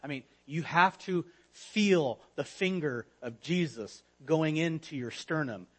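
A man preaching a sermon in an earnest manner, often dropping to a hushed voice for emphasis. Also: fairly high pitch, unhurried, rough recording. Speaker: pastor.

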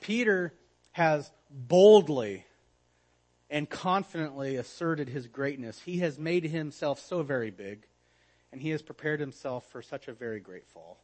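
A man preaching a sermon in an earnest manner, often dropping to a hushed voice for emphasis. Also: fairly high pitch, animated, unhurried, rough recording. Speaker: pastor.

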